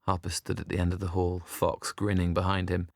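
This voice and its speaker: A man narrating an audiobook in a measured, expressive reading, recorded close in a studio booth. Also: deep voice, vocal fry, no echo.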